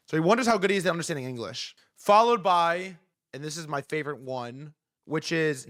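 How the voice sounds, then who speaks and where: Young guy streamer ranting, swears a lot, voice jumps all over, kinda high, dry close mic. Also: dry recording. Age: young adult. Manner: animated, profane, acts out quoted figures. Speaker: livestream host. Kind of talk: casual commentary rant.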